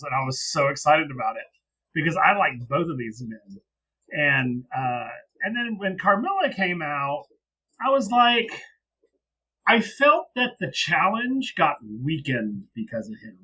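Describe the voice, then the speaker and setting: Animated husky man recapping wrestling. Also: moderate pace, rough recording. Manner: animated, exasperated, jumps into high-pitched mock quotes. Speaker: podcast co-host. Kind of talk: casual wrestling recap chat.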